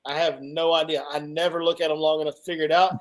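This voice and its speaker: A high-voiced man talks fast in loose, joking banter. His speech comes in quick bursts during a casual conversation about fishing. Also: level tone. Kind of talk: casual chat.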